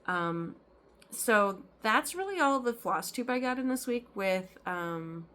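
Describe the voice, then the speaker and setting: A woman's voice: medium pitch, animated, slow, fairly bright tone. A woman chatting casually as a cross-stitch vlogger, rambling with lots of ums and restarts. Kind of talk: casual chat.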